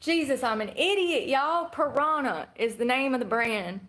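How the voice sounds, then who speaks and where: A woman's voice: high voice, expressive, normal speed, a bit bright, rough recording. A woman streaming live, chatting in a candid, rambling, slangy way and laughing often. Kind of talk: casual live-stream chat.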